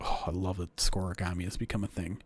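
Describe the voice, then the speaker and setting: A man hosting a livestream, casually calling a simulated football game and chatting with viewers, breaking into loud excited outbursts. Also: sits low, fast, slightly rough. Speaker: livestream host. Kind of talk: casual play-by-play and chat.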